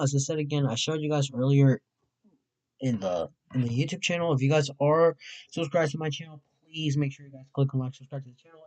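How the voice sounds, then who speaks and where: A man from Mexico hosting a casual weather livestream, excitable and rambling, often repeating himself. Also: a little high, low-quality recording.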